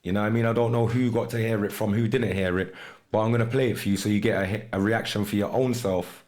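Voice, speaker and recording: A man's voice: lowish voice, steady tone, fast, darkish tone. A man hosting a podcast about his music, talking casually and slipping into patois phrases. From United Kingdom. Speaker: podcast host and music artist.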